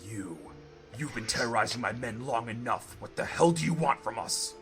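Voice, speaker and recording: Man voicing grim bandit chief, icy, disdainful, soft music bed. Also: medium pitch, lively intonation, normal speed, close to an everyday voice. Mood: hostile. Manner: icy, spits words with disdain. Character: cold grim male bandit leader, rigid.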